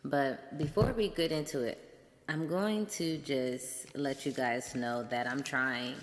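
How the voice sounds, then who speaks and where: Low, slow-talking playful woman host. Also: long reverb tail. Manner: playful, chatty, laughs often. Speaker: podcast host. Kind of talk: casual solo chat.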